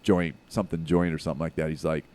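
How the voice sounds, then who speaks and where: Deep-voiced profane man, emphatic. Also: little pitch movement, fast, a little mellow, clear, resonant tone. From Hawaii. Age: middle-aged. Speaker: guest. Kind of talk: casual podcast chat.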